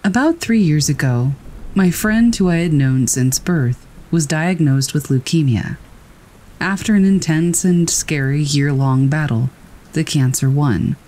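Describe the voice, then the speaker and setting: A man reading scary first-person stories aloud in a calm, steady storytelling voice. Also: on the high side, unhurried. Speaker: narrator. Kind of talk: scripted narration of scary stories. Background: rain.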